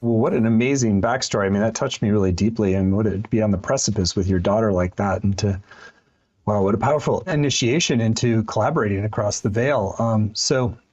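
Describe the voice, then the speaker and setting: A man's voice: on the low side, a little fast, a little mellow. Man host, dull lo-fi call audio. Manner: reflective, searching, with restarts. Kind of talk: interview questions.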